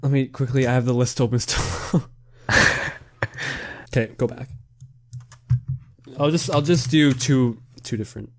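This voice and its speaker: A man's voice: medium pitch, a little slow, long pauses, darkish tone, no echo. A young man hosting a casual Q&A over voice chat, laughing often and rambling through his answers. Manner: giggly, rambling, self-mocking. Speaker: channel host answering questions.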